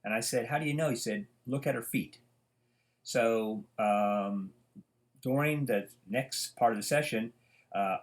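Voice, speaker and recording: Rambling older male teacher. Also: fairly low pitch. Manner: rambling, anecdotal, many fillers and restarts. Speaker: psychology teacher. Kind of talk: informal lecture. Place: home.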